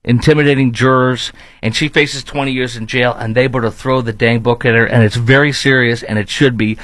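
A man's voice: medium pitch, fairly even intonation, fairly quick, a bit bright, dry recording. A man with a Chicago accent hosting a commentary show, talking in a heated, blunt and rambling way with frequent restarts. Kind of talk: opinionated commentary.

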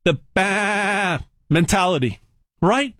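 An emphatic male pitchman whose voice swoops all over as he drives each point home, repeating words for punch. The recording is dry and close, with no room sound. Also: animated, slow pace, a bit bright, no room sound. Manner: emphatic and repetitive, folksy asides. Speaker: gold sales pitchman. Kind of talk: direct-to-camera sales pitch.

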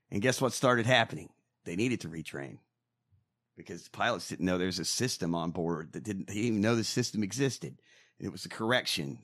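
A man co-hosting a casual podcast, ranting with lots of swearing. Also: mid-range voice. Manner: profane, animated ranting. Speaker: co-host.

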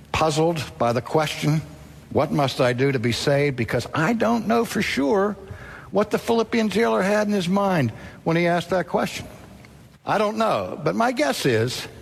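A man's voice: on the high side, creaky, a little hiss or hum. A man preaching a sermon, telling a story dramatically and acting out the voices in it.

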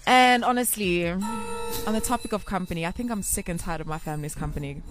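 A woman hosting a radio show, chatting casually and telling stories in an animated way. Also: fairly low pitch, fast talker, music in the background. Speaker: radio host. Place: radio studio.

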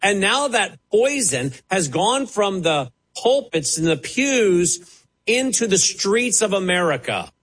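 A man delivering a televised sermon, his husky voice sitting a little high. He preaches with passion, his pitch swooping widely between sharp rises and sudden low drops. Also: big pitch swings, slow, rough recording. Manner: impassioned, dramatic rises and drops.

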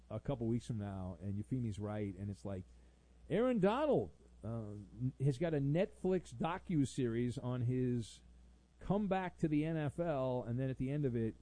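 A man's voice: mid-range voice, dark tone, dry recording. A man hosting a sports radio show, reading out listener messages with sarcastic, rambling jokes. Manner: sarcastic, jokey, rambling asides.

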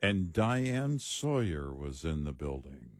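A man co-hosting a radio show, chiming in with short agreements and then telling his own story in relaxed casual chat. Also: extremely low pitch, takes it slowly, no echo, studio quality.

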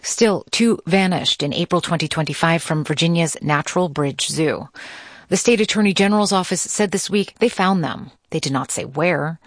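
Woman reporter with a lowish voice. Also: moderate pace, no echo, clean studio sound. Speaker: radio news reporter. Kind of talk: scripted news report.

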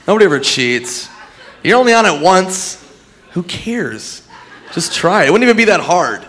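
A man's voice: high voice, normal speed. A man doing a stand-up comedy set, profane, acting out characters along the way. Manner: animated, profane, acts out characters.

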